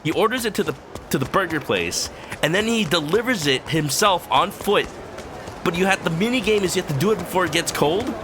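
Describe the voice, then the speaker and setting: A man's voice: high-pitched, expressive, a little fast, background noise. A male streamer giving casual, rambling, joking commentary over gameplay.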